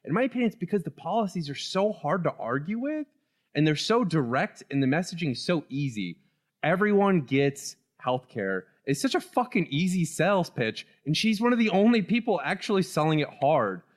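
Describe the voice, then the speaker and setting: A man's voice: a little high, sing-song, brisk. A man co-hosting a casual political podcast, talking animatedly and laughing often. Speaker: podcast co-host.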